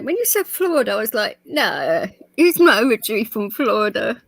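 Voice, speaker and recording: High, lively, teasing woman. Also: brisk, gravelly, dry recording. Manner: swears freely, laughs often, teasing. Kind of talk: casual chat.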